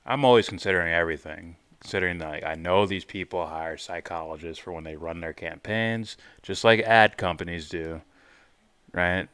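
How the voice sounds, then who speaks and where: A man's voice: deep voice, moderate pace, clean tone, no room sound. A man hosting a live stream, casually reacting and reading viewer comments aloud with loose, profane asides. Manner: loose, profane, thinking out loud.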